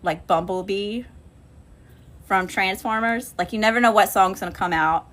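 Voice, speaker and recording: A woman's voice: medium pitch, moderate pace. A woman hosting a casual livestream tarot reading, cursing freely and calling her viewers y'all. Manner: profane, animated, addresses viewers as y'all. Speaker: spiritual channeler and livestream host.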